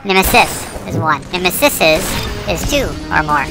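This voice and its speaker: A woman's voice: lowish voice, animated, measured pace. Chatty self-mocking woman over game music. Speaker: gamer. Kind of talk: casual gameplay commentary. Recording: game music playing behind. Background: music and gunfire.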